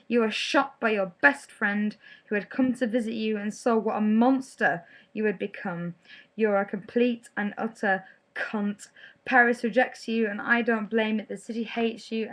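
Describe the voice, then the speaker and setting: Female author reading her own second-person piece; creaky, gravelly voice, deadpan and cutting. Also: medium pitch, poor audio.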